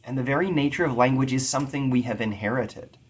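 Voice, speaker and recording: A man giving an earnest, expressive lecture on poetic meter, sounding out rhythms as he teaches. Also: mid-range voice, fast, breathy edge. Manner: earnest and expressive, tapping out rhythms with spoken syllables. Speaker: poetry teacher.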